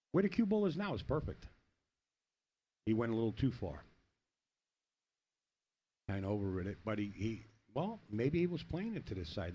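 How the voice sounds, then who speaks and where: A middle-aged man talks through a pool match in rambling, casual play-by-play, joking between shots. His medium-pitched voice has a dark tone and a breathy edge.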